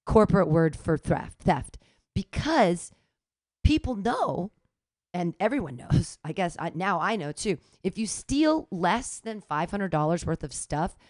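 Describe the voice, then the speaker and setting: A woman co-hosting a podcast, telling stories in a lively, indignant way. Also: lowish voice, unhurried, no room sound, studio quality. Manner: animated, indignant storytelling. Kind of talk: casual chat.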